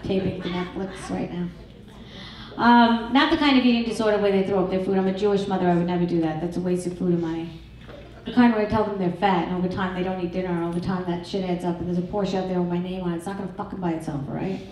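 A middle-aged woman performing a stand-up comedy set, crude and brash with a deadpan, self-mocking delivery. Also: on the low side, fast, a little hiss or hum. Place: comedy club stage. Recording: echoey club recorded from far off.

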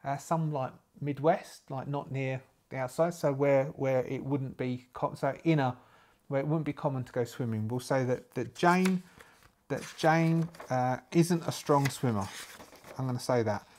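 A man's voice: mid-range voice, a little slow, darkish tone. A man from Ireland narrating a solo tabletop game, rambling and thinking aloud with lots of fillers.

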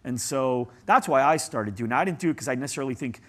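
A man speaking as a guest in an interview, animated and storytelling, leaning on "like" a lot. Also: medium pitch, quick pace. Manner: animated, storytelling, says "like" often. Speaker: guest agency CEO. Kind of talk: conversational interview.

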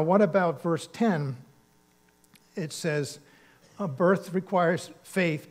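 Earnest male pastor preaching. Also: on the high side. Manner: earnest, conversational preaching with emphatic bursts. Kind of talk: sermon. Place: church sanctuary.

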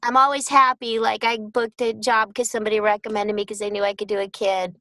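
Chatty bright-voiced middle-aged woman. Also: medium pitch, level tone, a little fast, dry recording, poor audio. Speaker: voice actress. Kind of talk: casual chat.

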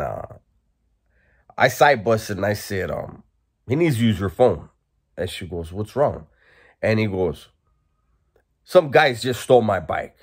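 A man telling a funny story in a casual, profane way, laughing now and then. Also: lowish voice. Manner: laid-back, profane, laughs while telling. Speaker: storyteller vlogger.

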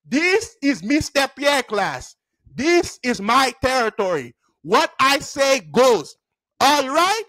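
A man's voice: very high-pitched, very animated, takes it slowly, bright, forceful tone, no echo, voice pushed up, heavily acted. A man voicing a strict, comical male schoolteacher with a Haitian accent and a commanding way of quizzing his class. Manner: commanding, repeats questions to the class.

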